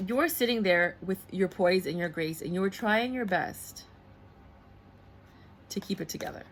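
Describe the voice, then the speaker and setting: A woman doing a casual tarot reading to camera, blunt and animated, slipping into voices as she goes. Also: medium pitch, measured pace, a little hiss or hum. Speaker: tarot reader.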